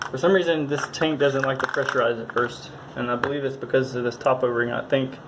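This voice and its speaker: Man, gravelly voice, flat delivery, mumbly tutorial read, phone recording with faint hiss. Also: mid-range voice. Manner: mumbling, halting, thinking aloud. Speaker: tutorial presenter. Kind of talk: casual hands-on demonstration.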